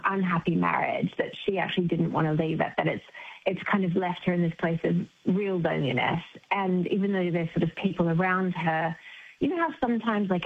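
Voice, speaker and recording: New woman, author guest, chatty, husky voice, phone-line sound. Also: lowish voice. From New Zealand. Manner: chatty, laughing, lively asides. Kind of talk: radio interview.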